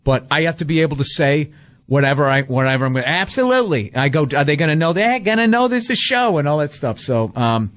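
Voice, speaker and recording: A man's voice: on the high side, lively intonation, fast talker, fairly bright tone. A middle-aged man and stand-up comedian hosting a podcast, telling rambling stories in casual chat, acting out quotes and swearing freely.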